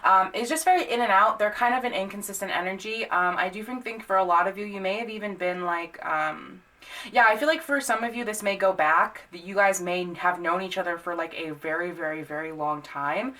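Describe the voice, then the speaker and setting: A young woman talks through a tarot reading in a loose, conversational way, full of ums and restarts. Her voice is bright and clear, and she gets blunt and sweary when something bothers her. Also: medium pitch, a little fast. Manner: chatty, many fillers, blunt and swearing when annoyed. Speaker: tarot reader. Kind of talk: casual tarot reading to camera.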